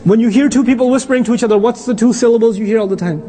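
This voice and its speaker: A middle-aged man giving an animated religious lecture as an Islamic teacher, often quizzing his audience. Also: very high-pitched, rapid-fire, a little hiss or hum.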